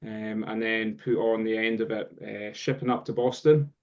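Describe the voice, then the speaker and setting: A man's voice: lowish voice, level tone, moderate pace. Scottish guy rambling thru a story, lots of ums, kinda muffled lo-fi audio. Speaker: guest drum teacher. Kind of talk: casual chat. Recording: dull lo-fi sound.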